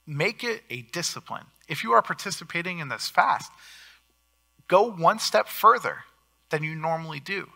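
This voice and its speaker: A man preaching a sermon as pastor, earnest, with swings in loudness for emphasis. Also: a little high, expressive, normal speed, vocal fry.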